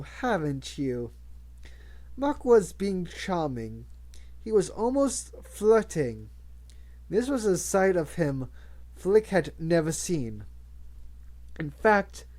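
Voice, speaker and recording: Slow, mellow audiobook narrator. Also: medium pitch, very animated. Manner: measured, with occasional stumbles and restarts. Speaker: audiobook reader.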